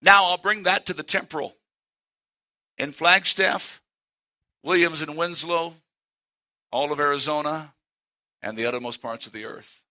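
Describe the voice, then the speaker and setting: A male pastor, preaching a sermon in church and quoting scripture with slow, emphatic stresses. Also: a little high, sharp tone.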